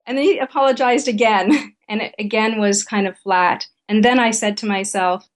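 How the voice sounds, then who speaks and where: A woman's voice: mid-range voice, normal speed. Candid middle-aged woman telling a story. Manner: candid, conversational anecdote telling. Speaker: guest relationship therapist and author. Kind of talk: interview storytelling.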